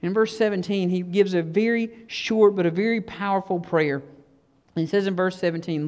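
A preacher giving a conversational sermon who drops to hushed tones for emphasis. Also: mid-range voice, steady tone, moderate pace, big-room sound.

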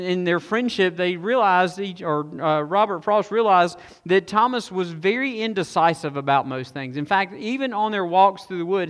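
Middle-aged guy preaching, pretty high voice, rambly with lots of ums, long hall echo. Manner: casual storytelling with many fillers and restarts. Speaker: pastor. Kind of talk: sermon.

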